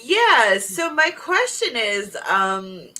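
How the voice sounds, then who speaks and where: A woman co-hosts a wrestling review and poses puzzled questions about the story. Her voice sits a bit high. She giggles often as she talks. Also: big pitch swings, takes it slowly, pushed and bright. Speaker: podcast co-host. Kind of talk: casual wrestling review chat.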